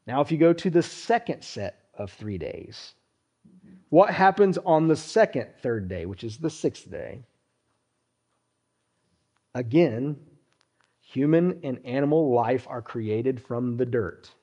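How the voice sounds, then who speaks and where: Speaking straight to his congregation, a male pastor delivers a deliberate sermon in an expressive, warm tone, frequently letting his voice drop low as phrases end.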